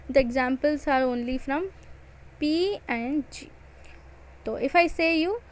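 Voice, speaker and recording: A biology teacher with an Indian English accent gives an exam-prep lecture, repeating and emphasizing key points. Her voice is high-pitched, and the audio quality is poor.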